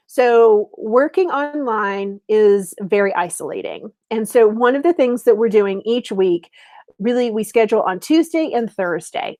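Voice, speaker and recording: A middle-aged woman business coach giving an upbeat, chatty webinar sales pitch, speaking straight to her viewers. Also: a little mellow, no room sound.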